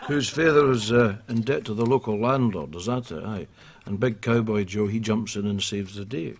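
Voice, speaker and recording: An actor playing a grumpy older Scottish man who bickers over books, with a gruff Scottish accent. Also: fairly low pitch, normal speed, close to an everyday voice.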